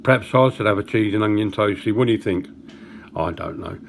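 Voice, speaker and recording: A man's voice: fairly low pitch, fairly even intonation, a little hiss or hum. Chatty man telling a joke. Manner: chatty, storytelling with small pauses and chuckles. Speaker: vlogger. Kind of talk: casual joke-telling to camera.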